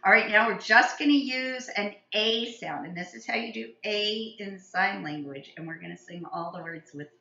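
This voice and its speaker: A woman teaching a gentle, encouraging children's cooking lesson, talking directly to the kids. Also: mid-range voice, moderate pace, few pauses. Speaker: preschool teacher. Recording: echoey room, slightly dull lo-fi sound.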